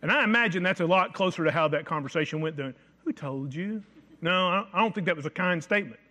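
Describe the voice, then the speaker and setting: A man preaching a sermon, reading scripture aloud and slowing down to stress key phrases. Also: fairly high pitch, sharp tone.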